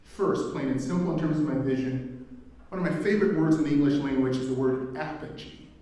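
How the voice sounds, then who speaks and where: A man's voice: a little high, a little fast, warm tone. Man speaking in an echoey hall. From Indiana. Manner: conversational and humorous, asks the audience questions. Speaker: executive director, keynote speaker. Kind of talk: keynote speech with personal stories. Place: event hall. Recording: echoey hall, mic far off.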